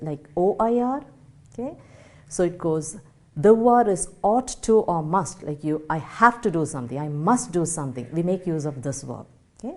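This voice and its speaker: A woman's voice: lowish voice, dark tone. A woman teacher with an Indian English accent giving a French lesson, explaining patiently step by step, spelling out letters and checking in with "okay?". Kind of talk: spoken language lesson.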